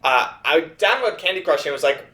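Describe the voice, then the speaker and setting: A man co-hosting a comedy podcast, pitching stand-up bits in casual, profane, punchy chat. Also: big pitch swings, fast, pushed and bright. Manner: profane, brash, punchy joke delivery.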